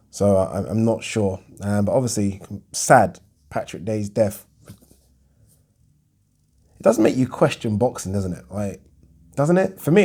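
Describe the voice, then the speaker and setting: Man, casual vlog Q&A, rambling, self-interrupting, warm low tone. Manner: chatty, loose, self-interrupting, swears. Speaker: boxing YouTuber answering viewer questions.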